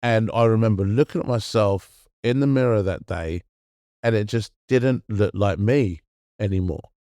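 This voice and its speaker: Middle-aged guy talking earnest, kinda low voice, lots of restarts, dry close sound. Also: mellow, no room sound. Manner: earnest, halting with many restarts. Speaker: podcast co-host. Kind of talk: casual chat.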